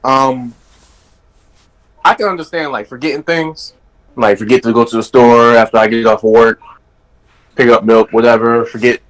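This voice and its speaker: A man's voice: mid-range voice, moderate pace, long pauses, low-quality recording. A man rambling in a casual podcast chat, full of restarts and "like"s as he thinks aloud. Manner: rambling, with many restarts and fillers.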